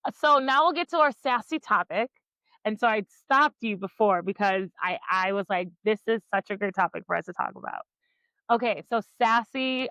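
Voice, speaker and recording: A woman's voice: mid-range voice, fairly bright tone, dry recording, rough recording. A woman hosting a book podcast in casual chat, leading the discussion with questions. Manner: conversational, leads the discussion with questions. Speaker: podcast host.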